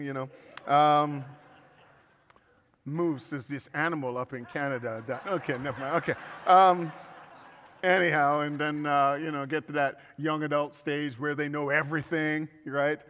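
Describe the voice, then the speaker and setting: A man's voice: fairly high pitch, flat delivery, normal speed, fairly bright tone, a little hiss or hum. A middle-aged man preaching a sermon as pastor, telling stories with humor and earnest turns. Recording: echoey hall, dull sound.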